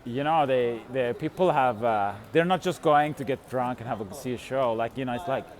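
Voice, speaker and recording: A man's voice: mid-range voice, moderate pace. A man vlogging as he walks outdoors in a city, talking casually and rambling with many fillers, restarts and frequent laughs. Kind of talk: casual walking vlog. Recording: faint street noise.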